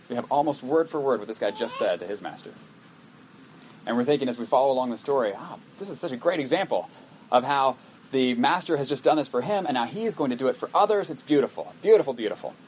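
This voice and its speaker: A man's voice: mid-range voice, a little mellow, a little hiss or hum, rough recording. A male pastor giving a sermon in a conversational way, reading scripture aloud and breaking off to comment on it. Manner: conversational, reads scripture aloud with acted asides.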